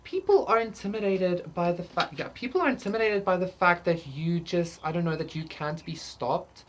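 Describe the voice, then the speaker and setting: A woman with a low, deep voice talks through a tarot reading in a loose, rambling way. She curses casually and leans on fillers. A faint hiss sits under the recording. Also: normal speed. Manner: rambling, profane, lots of fillers, laughs often. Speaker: tarot reader.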